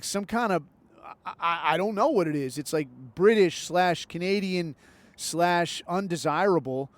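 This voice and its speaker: A man hosting his podcast alone, rambling through a sarcastic, profanity-laced monologue. His voice sits a little higher than most men's. The close mic sounds completely dry, with no room in it. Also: no room sound. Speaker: podcast host. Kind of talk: casual solo monologue.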